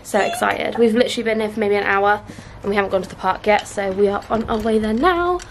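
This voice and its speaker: A young woman in her twenties, chatty and excitable, vlogging her trip to a camera while laughing often. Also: mid-range voice, fast talker. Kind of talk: casual travel vlog. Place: outdoors at a theme park. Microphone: handheld camera, then camera on tripod. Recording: noisy theme park crowd behind.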